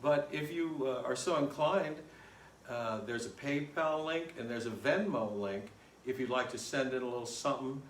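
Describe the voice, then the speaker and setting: A man's voice: mid-range voice, a little hiss or hum. Chatty man hosting a music live stream. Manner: relaxed, chatty, with many fillers. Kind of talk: casual live-stream chat. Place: home room. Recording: roomy echo, distant mic, guitar behind.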